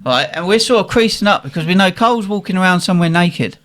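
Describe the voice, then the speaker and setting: A young man tells a lively story in a casual chat, often breaking into laughter. He acts out the lines of his friends as he goes. His voice sits a little on the higher side. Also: quick pace. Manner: laughing often, animated anecdote with quoted voices.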